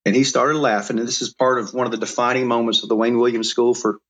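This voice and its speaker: A middle-aged man from Alabama, telling life stories as an interview guest in an animated way with frequent restarts. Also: mid-range voice, quick pace. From Mobile, Alabama. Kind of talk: storytelling interview.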